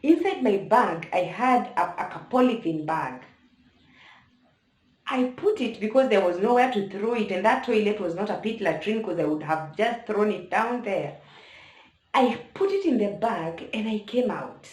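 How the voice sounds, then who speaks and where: A woman's voice: medium pitch, lively intonation, a little slow, a little mellow. A young woman with a Kenyan accent telling a personal story to camera, emotional and talking straight to her viewers. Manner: emotional, addresses viewers directly. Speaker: vlogger. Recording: echoey room.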